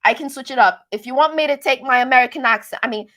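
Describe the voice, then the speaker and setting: Young quebec woman chatting on a livestream, french-canadian accent, animated and repeats herself a lot. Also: high-pitched, quick pace, few pauses. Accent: Quebecois French-Canadian mix. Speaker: recap show host reading live chat. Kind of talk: casual livestream chat.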